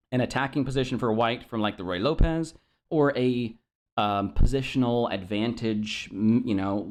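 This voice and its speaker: A man with a fairly low voice talks through a chess opening lesson in an easygoing way. He hesitates often, filling gaps with ums and correcting himself mid-sentence. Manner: self-deprecating about pronunciation. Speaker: chess instructor.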